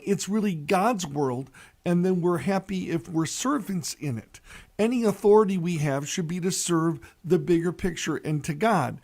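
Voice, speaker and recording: A priest giving a folksy, earnest radio reflection and telling a story, with many "you know" asides. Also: male voice, sits high, darkish tone.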